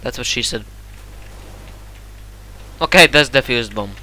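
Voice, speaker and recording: A man with non-native English giving excitable, cursing gameplay commentary, often shouting at the game and searching for words. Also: medium pitch, measured pace, a little hiss or hum. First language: not English. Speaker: gamer.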